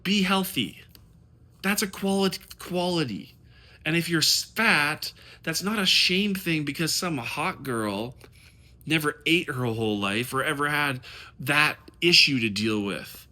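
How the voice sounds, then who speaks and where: A fairly high-voiced man rants about dating straight to camera, his pitch jumping all over the place. His tone is bright and forceful, and he swears freely as he rambles on passionately. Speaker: dating coach. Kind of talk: casual vlog rant to camera.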